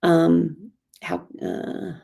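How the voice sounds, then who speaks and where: Hoarse, croaky woman chatting casually. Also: on the low side, level tone, extremely slow, mellow. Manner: rambling, chatty, many ums. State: coughing now and then. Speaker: host. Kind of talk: casual daily journaling vlog.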